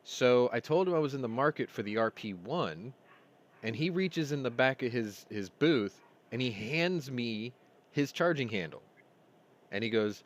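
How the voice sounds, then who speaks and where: Male host, low voice; loose conversational storyteller who replays dialogue. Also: animated, moderate pace. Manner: rambling storyteller, retells dialogue. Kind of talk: casual chat.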